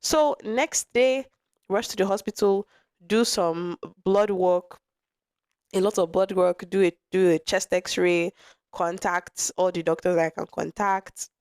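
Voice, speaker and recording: A woman's voice: medium pitch, fairly even intonation, slow, darkish tone, clean tone, no room sound, studio quality. A young woman hosting a podcast, telling a personal story in a frank, conversational way, with restarts and asides, her voice touched by a lingering cough. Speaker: podcast host.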